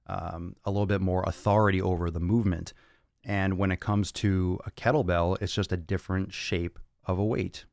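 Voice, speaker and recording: A man's voice: sits low, a little mellow, no echo, studio quality. A man hosting a fitness podcast, answering listener questions in a blunt, profane, lecturing way. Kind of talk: blunt Q&A monologue.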